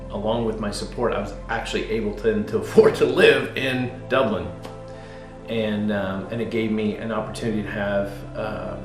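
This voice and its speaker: Animated storytelling pastor, roomy echo. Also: male voice, lowish voice. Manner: animated storyteller, swings from loud to hushed. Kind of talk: casual testimony interview.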